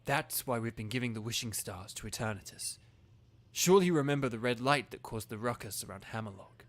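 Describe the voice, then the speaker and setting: A man's voice: medium pitch, lively intonation, brisk, pitched below the performer's own voice, close to an everyday voice. A man reading a zealous middle-aged businessman villain aloud, in a solemn, self-justifying voice. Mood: solemn, grandiose.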